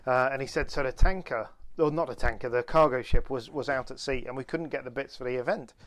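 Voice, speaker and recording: A man co-hosting a podcast, telling stories in a lively way, restarting phrases and building to punchlines. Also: mid-range voice, a little fast, dry recording. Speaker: podcast co-host. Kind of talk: anecdotal storytelling chat.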